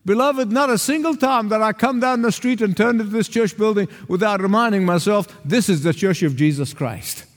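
A man from the Arab world preaches with a high voice and an emphatic, repetitive cadence. His words echo with a long reverb through the church hall. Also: a little fast, few pauses. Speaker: pastor. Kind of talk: sermon.

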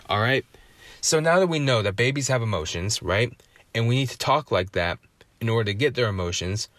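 A man ranting in a casual, profane podcast monologue. He swears freely, keeps asking "right?", and rises to loud indignation. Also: mid-range voice, no room sound. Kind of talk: profane comedic rant.

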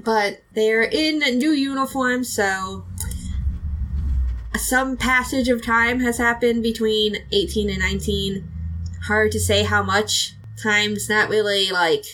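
A woman's voice: a little high, fairly even intonation, takes it slowly, a bit bright, slight background noise, rough recording. A woman hosting a casual podcast, chatty and giggly, rambling through an episode recap with plenty of fillers. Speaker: podcast host.

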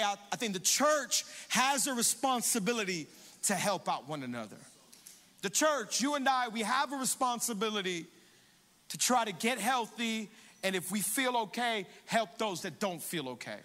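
A young man pastor with a high, bright, forceful voice preaches a lively sermon, pulling the congregation into call-and-response. His voice rings out through a large church auditorium with a long reverb, over faint music in the background. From Hialeah, Florida.

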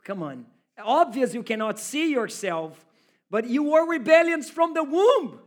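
High-voiced, slow-preaching male pastor. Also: animated. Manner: emphatic, rhetorical, addressing listeners directly. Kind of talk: sermon. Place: church service.

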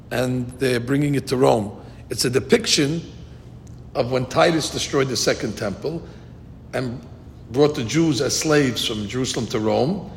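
Male Torah teacher, mid-pitched, lively storyteller; large echoing hall with faint rumble. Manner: lively storyteller, rises to quote Hebrew verses. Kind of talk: Talmud class with storytelling. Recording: long reverb with faint rumble.

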